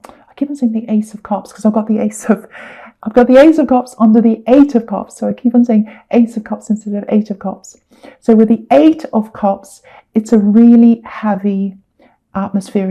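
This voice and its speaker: A woman's voice: mid-range voice, highs cut off. A woman giving a casual tarot reading, rambling, repeating words and correcting herself mid-sentence. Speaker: tarot reader.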